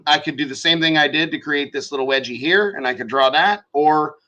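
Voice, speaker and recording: A man with a fairly high, bright and forceful voice walks viewers through design software on a casual live stream. He swears freely and thinks out loud as he clicks through each step. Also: normal speed, dull audio. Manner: profane, thinks aloud while working. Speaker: show host teaching design software.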